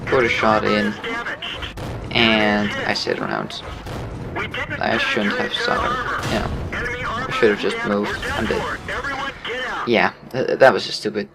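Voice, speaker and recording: A man giving casual commentary over his own gameplay, relaxed, laughing often and explaining his moves. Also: on the low side, gravelly.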